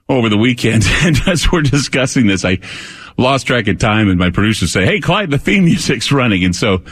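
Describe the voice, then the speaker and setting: A man's voice: medium pitch, fairly bright tone. A man hosting a late-night call-in radio show from a studio, talking in a loose, rambling way with plenty of fillers and restarts. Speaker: radio talk show host. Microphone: studio microphone.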